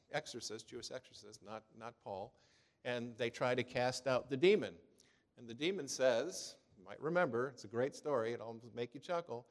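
A man preaching a sermon in a conversational way, with many "you know" fillers, in what sounds like a church. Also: medium pitch. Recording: long hall reverb.

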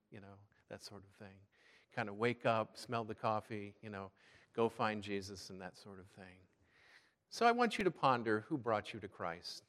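A middle-aged man from the Chicago area preaches a sermon in a church, his mid-pitched voice carrying a long hall reverb. He talks in a loose, conversational way, repeating words and using fillers as he tells a story from his childhood. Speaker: Episcopal priest.

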